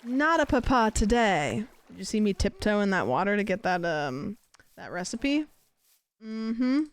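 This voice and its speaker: A woman's voice: mid-range voice, big pitch swings, a little slow, clean tone. A woman livestreaming a game, chatting casually and swearing freely. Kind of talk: casual chat while gaming.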